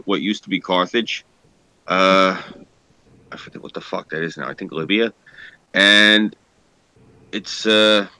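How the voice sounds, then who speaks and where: A man's voice: sits low, pushed and bright, no echo. A man with a New York accent chatting casually, rambling with lots of fillers and swearing. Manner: rambling, profane, hesitant. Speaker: podcast co-host. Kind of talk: casual chat.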